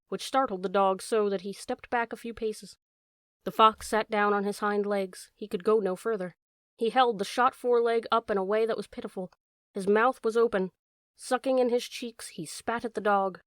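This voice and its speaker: A woman narrating a classic animal story in a measured, expressive reading voice. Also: medium pitch, dry recording, clean studio sound. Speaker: audiobook narrator.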